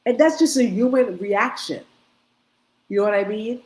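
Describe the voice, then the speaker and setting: The audio is poor, capturing a woman's mid-range, darkish voice at normal speed. As host of a commentary on video clips, she voices strong opinions emphatically, breaking off into short bursts, restarting and repeating herself.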